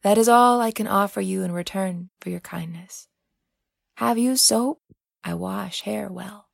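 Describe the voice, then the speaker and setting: Woman doing proud old outcast woman, grieving, emphatic, gravelly and husky. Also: medium pitch, measured pace, no echo, studio quality. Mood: sad offering.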